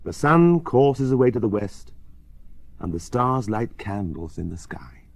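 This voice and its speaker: A man reading a children's story aloud in a very expressive, sing-song way. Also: lowish voice, measured pace, no room sound. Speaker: reader.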